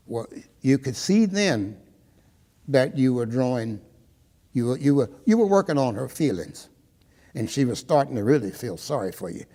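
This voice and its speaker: A man's voice: mid-range voice, lively intonation, normal speed, a little mellow, big-room sound. An older man from Maryland, an interviewee recounting his personal history, who tells his story and often acts out the dialogue he remembers.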